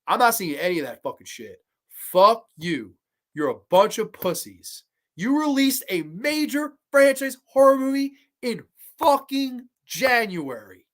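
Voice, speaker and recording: A man's voice: very high voice, sing-song, measured pace, fairly bright tone. A man hosting a horror movie show, ranting heatedly and profanely in a casual livestream and breaking into laughter as he reads viewer comments.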